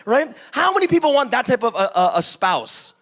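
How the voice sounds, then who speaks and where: A young man preaching a sermon in a church, animated and conversational, acting out pleading voices and asking "right?" again and again. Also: very high-pitched, brisk. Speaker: pastor.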